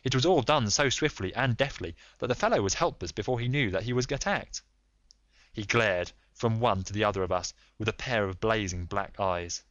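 A man narrating a classic mystery story in a steady storytelling delivery. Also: on the low side, no echo, dull audio. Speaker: audiobook narrator. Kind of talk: scripted narration.

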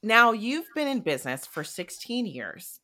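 A woman hosting an interview podcast, chatty and enthusiastic, reacting warmly to her guest. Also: fairly high pitch, big pitch swings, measured pace. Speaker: podcast host. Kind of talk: casual interview chat.

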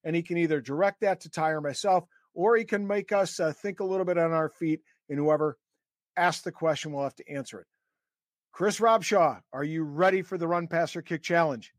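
Chatty male podcast co-host, slightly high voice, dry close-mic sound. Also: brisk, dry recording. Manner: chatty, explains at length with fillers. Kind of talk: casual podcast interviewing.

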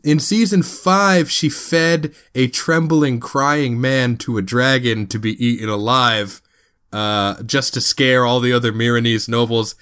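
A man co-hosting a casual podcast, animated and jumping up in pitch when quoting people. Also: unhurried, smooth. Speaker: podcast co-host.

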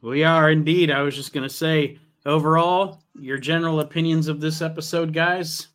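Jokey podcast host, slightly high voice. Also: male voice, fairly even intonation, normal speed, a bit bright. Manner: jokey, leads questions and sign-off. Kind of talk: casual chat.

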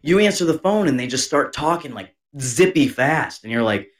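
A man's voice: mid-range voice, expressive, moderate pace. A young man co-hosting a podcast, chatting casually and swearing freely as he gives practical tips. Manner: profane, easygoing, gives tips. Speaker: podcast co-host. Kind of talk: casual chat.

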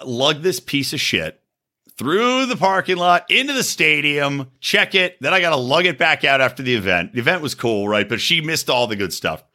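A man's voice: on the high side, expressive, moderate pace, sharp tone. A middle-aged man telling a story in casual chat, swearing freely and acting out both sides of phone calls. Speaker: podcast co-host.

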